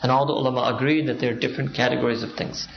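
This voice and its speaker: A man's voice: medium pitch, flat delivery, very fast, gravelly. A man giving a sermon-style lecture, driving his points home with rhetorical questions and frequent prompting "hmm?"s. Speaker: Islamic speaker. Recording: roomy, dull lo-fi sound.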